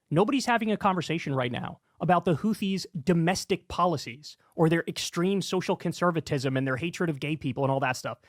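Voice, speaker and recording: A man's voice: high-pitched, fairly bright tone, no room sound, studio quality. A man giving heated, sarcastic political commentary as a streamer. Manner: angry, sarcastic, rapid ranting.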